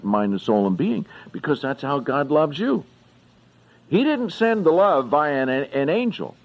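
Male preacher, measured delivery with big pitch swings, slightly muffled lo-fi recording. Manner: slow, deliberate, with emphatic swells. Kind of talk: expository sermon.

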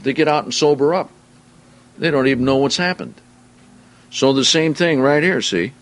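A man's voice: mid-range voice, moderate pace. A man preaching a Bible-teaching sermon, reading scripture aloud and then explaining it in plain, conversational terms.

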